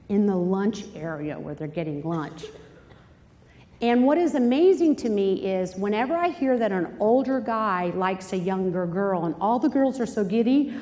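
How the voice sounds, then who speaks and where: Before an audience in a big hall, a middle-aged woman delivers a dramatic, animated Bible study talk, breaking into high, shrieking voices for quotations. It is a live hall recording with long reverb.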